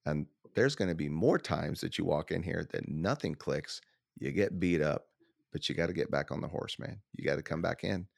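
A man's voice: low voice, animated, normal speed, creaky, dry recording, clean studio sound. A man hosting a podcast in a laid-back, casual way, peppering his talk with slang like "man" and "dude". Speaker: podcast host, gym owner. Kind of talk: casual interview chat.

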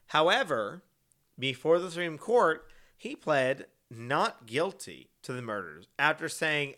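A man's voice: medium pitch, sharp tone. A man hosting a casual true-crime podcast, chatty and joking, with many fillers and restarts. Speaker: podcast host.

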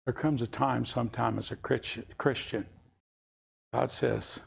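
A man's voice: mid-range voice, fairly even intonation, a little slow, creaky, husky. An older man preaching a sermon, telling a family story and rising into impassioned pleas.

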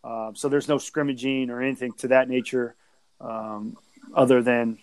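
A man's voice: mid-range voice, flat delivery, normal speed, a little mellow, smooth, dry recording, rough recording. A man co-hosting a podcast, chatting casually about sports with lots of fillers and restarts. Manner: rambling, with many fillers and restarts.

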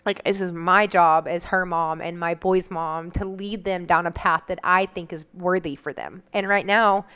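Woman opening up on a podcast, smooth clear voice, lots of "like"s, gets emotional. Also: lowish voice, steady tone, moderate pace, fairly bright tone. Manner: candid, emotional, frequent "like" fillers. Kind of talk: personal story in casual chat.

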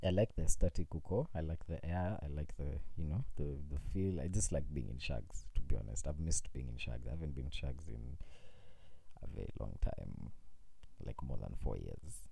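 Deep-voiced Kenyan man telling a story. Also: moderate pace, creaky, husky, dry recording. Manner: animated, mixes in Swahili phrases, laughs at own story. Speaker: vlogger. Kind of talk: casual storytelling.

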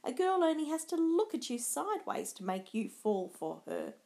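A woman's voice: high voice, very animated, moderate pace, a little mellow, voice pushed up. A woman voicing Mercutio, a sarcastic, hot-tempered young swordsman, in a storybook reading. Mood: mocking. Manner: sarcastic and snappish.

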